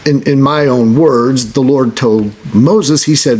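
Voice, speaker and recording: A man preaching a sermon as pastor, earnest, restarting phrases and slowing down on scripture. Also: mid-range voice, darkish tone. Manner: earnest, repeats words when starting a phrase.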